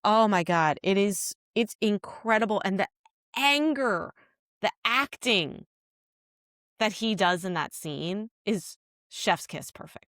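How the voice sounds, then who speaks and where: A woman's voice: mid-range voice, lively intonation, takes it slowly, fairly bright tone, no echo, studio quality. A woman co-hosting a podcast, casually retelling a drama scene with lots of "like" fillers. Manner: rambling retelling full of "like" fillers. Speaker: podcast co-host.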